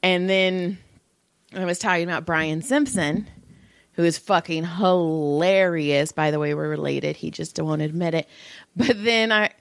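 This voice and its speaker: A woman's voice: lowish voice, measured pace, creaky, no room sound. A middle-aged woman co-hosting a podcast, telling stories with lots of swearing and acting out the people she quotes. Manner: profane, animated storytelling with put-on quoted voices. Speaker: podcast co-host. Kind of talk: casual chat.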